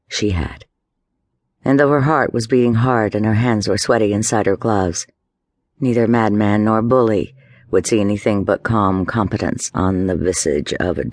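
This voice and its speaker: A man giving a measured, dramatic scripted narration of a story. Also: lowish voice, a little mellow, no echo, studio quality. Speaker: audiobook narrator.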